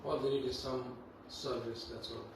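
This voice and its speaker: Teacher, man, gravelly low voice, casual class talk, recorded far off in an echoey temple hall with noise. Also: flat delivery. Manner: unhurried, conversational, many fillers. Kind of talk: devotional class talk with Sanskrit chanting. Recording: echoey hall, distant mic, background noise.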